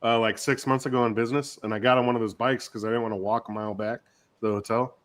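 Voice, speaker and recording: A man's voice: mid-range voice, fairly even intonation, fast talker, a bit bright. A man co-hosting a sports chat, telling a laid-back, profane story of his own. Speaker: podcast co-host.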